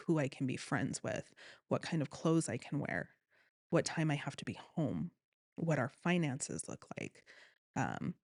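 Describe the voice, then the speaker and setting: A woman telling her own story as an interview guest, earnest and animated, often quoting what others said. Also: low-pitched, no room sound, clean studio sound. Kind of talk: personal story in conversation.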